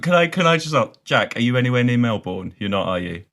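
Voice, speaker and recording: Chatty, animated male podcast host. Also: mid-range voice, quick pace, vocal fry. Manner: chatty, laughs often. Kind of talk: casual chat.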